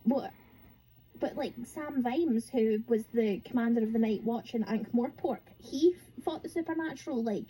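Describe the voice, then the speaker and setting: High-pitched bubbly woman chatting on a podcast, a bit of hiss behind. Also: moderate pace, warm tone, poor audio. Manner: bubbly, gushing, teasing. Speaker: podcast co-host. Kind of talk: casual chat.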